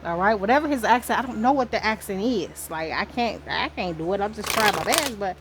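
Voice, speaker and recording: Woman, casual spiritual reader, rambling, salty, indoors, mid-pitched, faint room hum. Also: lively intonation, brisk, hardly any pauses. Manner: rambling, talkative, swears casually. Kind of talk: casual spiritual reading to viewers.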